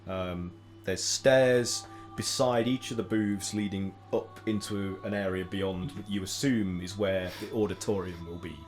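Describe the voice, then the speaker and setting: A British man narrating a tabletop game as dungeon master, relaxed and a little hesitant as he describes scenes. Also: deep voice, unhurried, faint music behind.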